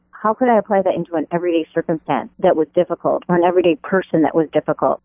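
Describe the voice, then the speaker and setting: A middle-aged American woman, a radio devotional writer, chatting animatedly as an interview guest from her home over the phone. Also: dry recording. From American Upper Midwest. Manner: animated, laughs easily, pitch leaps when excited. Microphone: telephone. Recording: tinny phone line.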